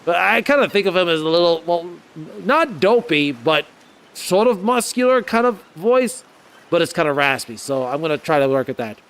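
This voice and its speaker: Animated man reading game text aloud. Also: on the high side, moderate pace. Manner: playful, laughs at his own jokes, tries out character voices. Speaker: streamer. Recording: game music behind voice.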